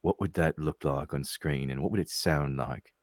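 A man's voice: rumbling low, no echo, clean studio sound. A man putting on a leering voice, in the manner of a sleazy film star, in a casual podcast chat. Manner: deliberately weird, leering. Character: seedy gravelly British man, Michael Caine impression.

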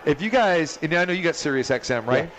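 A man hosting a casual sports betting chat, telling animated stories and acting out what others said. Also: fast, slight background noise. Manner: animated storyteller, acts out quotes with loud high bursts. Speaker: sports betting show host.

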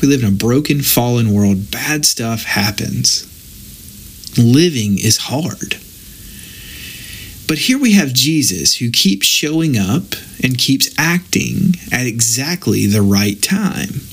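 A man of middle pitch leads an informal daily devotional. He speaks earnestly and conversationally, and mixes frank personal admissions into his reflections. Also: a bit bright. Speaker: devotional leader.

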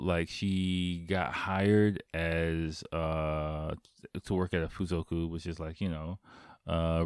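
A man's voice: sits low, clean tone, no room sound, studio quality. A young man casually recapping a movie he watched, rambling with lots of fillers, restarts and swearing.

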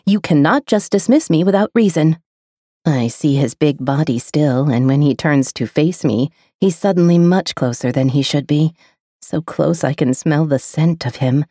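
Female audiobook narrator, low and mellow, intimate expressive read. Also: normal speed, no room sound, studio quality. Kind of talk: first-person romance narration.

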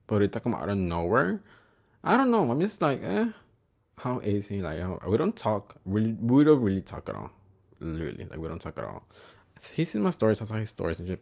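Man, low voice, very animated pitch, frank crude casual storytelling, braces on his teeth. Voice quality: braces whistle in his speech. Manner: frank, crude, switches between English and Spanish. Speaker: podcast host.

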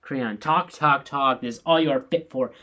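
A blustering, wrathful king barks orders in a raised, commanding voice, read by a man. The tone is hard and accusing, pitched in a middle register. It sounds like a stage play read aloud. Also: moderate pace, sharp tone, natural voice. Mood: scornful. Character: blustering angry male king.

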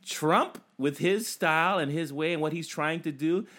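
A man's voice: a little high, moderate pace. Emotional man co-hosting a podcast. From Canada. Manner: emotional, animated, talks in restarts. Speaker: co-host. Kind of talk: casual podcast discussion.

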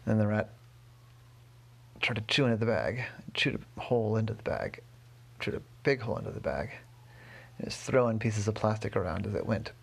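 A man telling his daughter an improvised bedtime story, gentle and rambling, often correcting himself. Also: lowish voice, normal speed, gravelly, long pauses, breathy edge.

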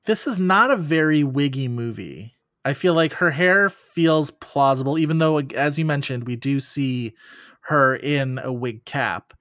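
A man guesting on a podcast, chatting casually and riffing in long, animated run-on thoughts full of "like"s. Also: fairly high pitch, unhurried, no echo, studio quality.

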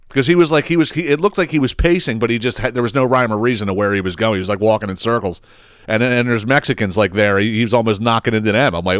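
A man hosts a podcast in a casual monologue, cursing freely and chuckling through his own stories. His voice sits at an ordinary middle pitch. The sound is dry and close, with no room echo. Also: expressive, quick pace, smooth. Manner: profane, rambling, laughs while telling stories. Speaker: podcast host.

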